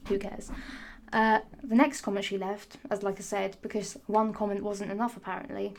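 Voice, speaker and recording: A woman's voice: mid-range voice, flat delivery, moderate pace, gravelly, slight background noise. A young woman, ranting into the camera in a sarcastic, sassy, rambling way and swearing freely. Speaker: vlogger. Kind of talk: ranting casual monologue.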